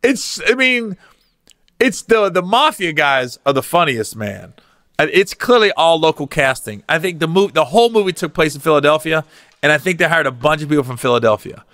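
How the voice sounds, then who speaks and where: Animated, profane comedian man hosting. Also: a little high, a little fast, dry recording, studio quality. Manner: animated, profane, laughs at his own stories. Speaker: podcast host. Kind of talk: comedic podcast storytelling.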